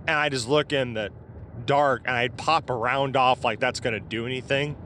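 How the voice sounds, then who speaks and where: A man from southeast Iowa tells his strange encounter in an offhand, meandering way, peppered with fillers and the occasional curse. His voice is bright and a little tense, and his pitch sits in an ordinary middle range. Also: fairly even intonation, normal speed, slight background noise. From southeast Iowa, USA. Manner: rambling, informal, with mild swearing and fillers. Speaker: guest sharing a personal encounter story. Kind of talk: casual storytelling.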